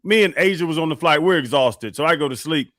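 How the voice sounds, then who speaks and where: Male radio co-host, a bit high, dry studio sound, animated storyteller. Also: fast, no echo. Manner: animated storyteller, acts out quotes. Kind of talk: casual storytelling on sports radio.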